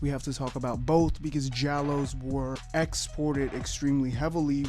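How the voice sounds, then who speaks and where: A man's voice: medium pitch, a little mellow. A man giving a casual video essay as a YouTuber, joking and rambling with lots of fillers and swearing.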